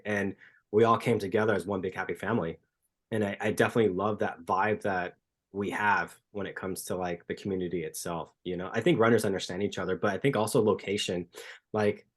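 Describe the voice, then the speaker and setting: A man from Southern California who is a running coach, telling casual stories packed with "like" and acting out other people's greetings. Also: lowish voice. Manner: animated storyteller, heavy use of "like", acts out greetings. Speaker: podcast guest, running coach. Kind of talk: casual chat.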